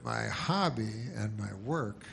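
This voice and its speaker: Deadpan rambling man doing stand-up. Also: lowish voice, slow, vocal fry. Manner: deadpan, rambling, wry asides. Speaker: stand-up comedian. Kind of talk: stand-up comedy set. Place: small club before a live audience.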